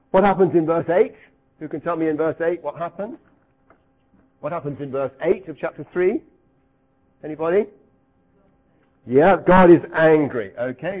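Lively man teaching to an audience. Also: a little high, breathy edge, lo-fi sound. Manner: asks the audience questions, lively, acts out cries. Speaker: Bible teacher. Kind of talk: interactive Bible teaching.

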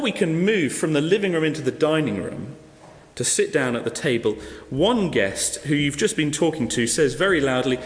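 A man's voice: on the high side, normal speed, hardly any pauses. A man preaching a sermon, telling a parable and acting out the characters in it. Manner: animated storyteller acting out quoted guests. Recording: echoey hall.

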